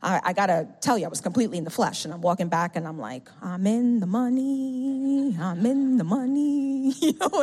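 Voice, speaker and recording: Middle-aged woman preaching in a reverberant hall. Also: lowish voice. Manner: animated storytelling, acts out quoted speech, calls out "amen?". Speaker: speaker giving a testimony to a congregation. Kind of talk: testimony sermon.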